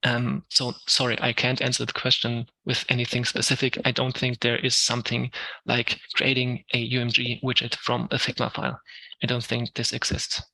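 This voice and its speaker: A man's voice: mid-range voice, completely flat delivery, normal speed, gravelly, sharp tone, dry recording, low-quality recording. A man with a German accent, an Unreal Engine instructor giving a live tech talk, explaining step by step with frequent ums while answering questions.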